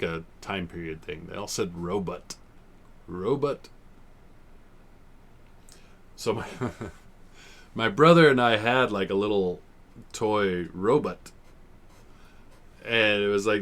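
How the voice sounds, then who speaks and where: A man's voice: deep voice, a bit bright, slight background noise. A man in his forties hosting a podcast, casually rambling and swearing as he reviews old TV episodes. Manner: rambling, swearing, laughs often. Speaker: podcast host.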